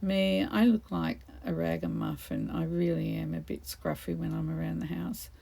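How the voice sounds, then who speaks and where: A woman's voice: low voice, flat delivery, normal speed, gravelly, dark tone. A middle-aged woman chatting casually while crafting, rambling and laughing often. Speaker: craft video host.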